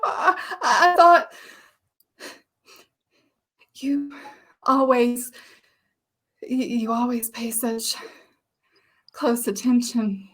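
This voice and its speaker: A woman's voice: a little high, fairly even intonation, fairly bright tone, heavily acted. A woman voicing a lonely, nervous married woman in a live play reading, talking in giggly, hesitant stops and starts. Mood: tearful. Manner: giggly, hesitant, halting restarts.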